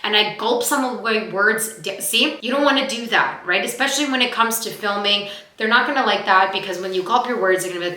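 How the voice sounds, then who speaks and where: A young woman who talks fast and chatty as she teaches actors vocal warmup exercises. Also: medium pitch, reverberant, rough recording. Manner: fast-talking, chatty, demonstrates exercises aloud. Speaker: acting coach.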